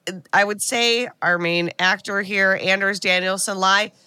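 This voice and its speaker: Bright, chatty woman podcast host. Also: mid-range voice, steady tone, moderate pace, clear, resonant tone, no echo, studio quality. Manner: chatty, many fillers and restarts. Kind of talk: casual podcast chat.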